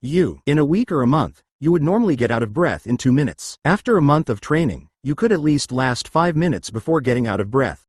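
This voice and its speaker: A man's voice: mid-range voice, very animated, brisk, few pauses, a little mellow, breathy edge, no echo, clean studio sound. A man teaching an exercise lesson, explaining and often checking whether listeners follow. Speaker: exercise instructor.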